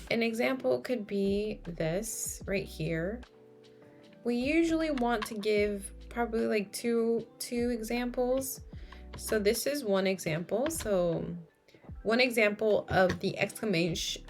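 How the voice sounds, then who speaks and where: Slow, chatty woman streamer coding live. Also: medium pitch. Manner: chatty, greets viewers, corrects herself mid-sentence.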